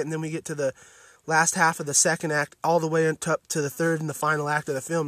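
A man's voice: a little high, steady tone, a little fast. A man hosting a podcast, giving a blunt film review full of profanity and emphatic restarts. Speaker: podcast host reviewing films.

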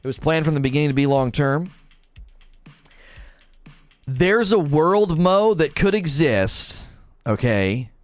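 A man in his thirties hosting a podcast in casual chat, animated and excitable, acting out quotes in his own voice. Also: a little high, slow, long pauses, dry recording, soft background music. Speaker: podcast host.

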